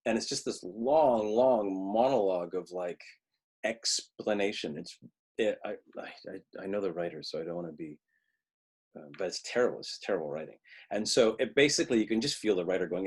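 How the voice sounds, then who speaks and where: A man speaks in a low, husky voice, teaching acting over a video call. He talks loosely and conversationally, restarts his sentences, and briefly acts out the lines he quotes. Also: brisk. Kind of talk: webinar teaching talk.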